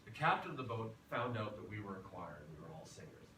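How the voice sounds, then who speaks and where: A man's voice: on the low side, fast. Male voice teacher, easygoing lecture, distant roomy mic with background noise. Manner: relaxed, chatty, tells anecdotes. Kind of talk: lecture to a class. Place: classroom or rehearsal hall. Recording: roomy, from far off, noisy.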